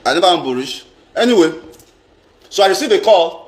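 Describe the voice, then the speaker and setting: A man's voice: high-pitched, expressive, a little fast. A Nigerian man ranting on a live stream in a casual way, repeating himself and mixing in pidgin. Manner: emphatic, repeats phrases, mixes in pidgin. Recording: roomy echo.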